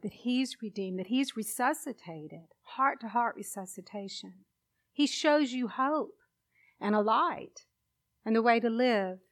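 Slow, emotional woman preaching. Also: medium pitch. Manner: slow, emotional, emphatic delivery. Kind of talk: sermon with personal testimony.

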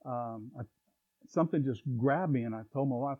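A man's voice: mid-range voice, normal speed. A middle-aged man preaching a sermon in a conversational way, with chuckles and asides. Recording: tinny phone-like recording.

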